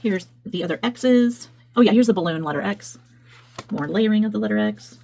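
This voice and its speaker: A woman speaks at normal speed in a mid-range, gravelly, dark-toned voice, and the recording is rough. Hosting a craft video, she flips through her work while chatting casually, wandering off topic, and repeatedly correcting herself.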